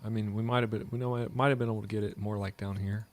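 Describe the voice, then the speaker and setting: A man's voice: lowish voice, little pitch movement, rapid-fire. A man co-hosting a casual chat, joking and thinking aloud. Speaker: co-host.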